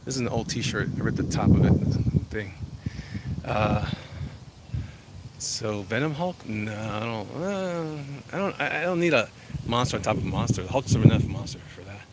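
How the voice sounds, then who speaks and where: Heavy background noise surrounds this vlogger as he walks outside and reads his live chat aloud. His voice sits on the low side and moves at normal speed, animated as he jokes, rambles and keeps interrupting himself to start over.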